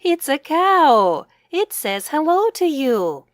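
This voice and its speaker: A woman voices a gentle, patient mother in a children's storybook, explaining things softly and slowly to her little son. her voice rises and falls with lively warmth. the recording is dry and close. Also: high-pitched, dry recording, voice pushed up, full character voice.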